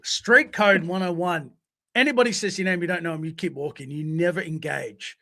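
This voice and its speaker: High gravelly man telling stories. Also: normal speed. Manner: animated, swears freely, acts out voices. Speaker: podcast co-host. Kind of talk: casual storytelling.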